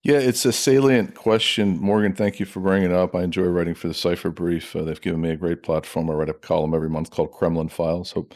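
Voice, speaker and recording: A middle-aged man with a lowish voice gives a podcast interview. He talks emphatically and repeats words when he gets fired up. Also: steady tone, quick pace, few pauses, darkish tone. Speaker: ex-CIA officer, guest expert.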